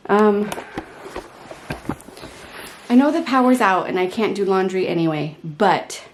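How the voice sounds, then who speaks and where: A woman's voice: medium pitch, lively intonation, unhurried, slight background noise. A woman in her thirties talking candidly to camera in a casual home vlog, chatting directly to her viewers. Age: 30s. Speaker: vlogger.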